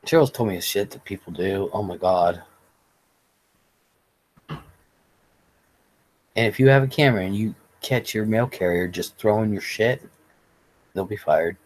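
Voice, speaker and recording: A man with a husky, slightly breathy voice sitting low in his range hosts a laid-back livestream. He rambles through stories, swearing freely as he chats with his viewers. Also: measured pace, long pauses, rough recording. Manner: rambling, profane storytelling. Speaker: livestream host. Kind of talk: casual livestream chat.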